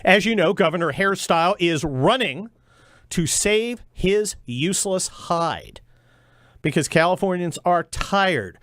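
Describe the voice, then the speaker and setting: A man's voice: high voice, lively intonation, a little slow, a bit bright, no room sound. A middle-aged man hosting a talk radio show, delivering a sarcastic, mocking monologue into a studio microphone. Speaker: radio host.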